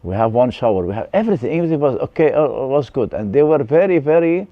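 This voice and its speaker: Lively man with an Arabic accent. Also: mid-range voice, no echo, narrow, tinny audio. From West Bank. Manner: halting, restarts often, broken English. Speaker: interview guest. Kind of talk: personal life story.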